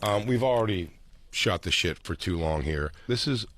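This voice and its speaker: Lowish-voiced radio host cracking wise. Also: male voice, lively intonation, moderate pace, fairly bright tone. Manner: wisecracking, reads plugs. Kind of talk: casual radio chat.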